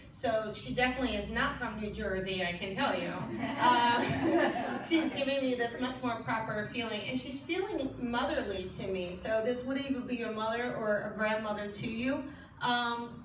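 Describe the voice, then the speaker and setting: A woman's voice: on the high side, noisy background. A woman working as a spiritual medium, giving a chatty live reading to an audience, often laughing and asking questions. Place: hall at a spiritual service. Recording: echoey hall, from far off.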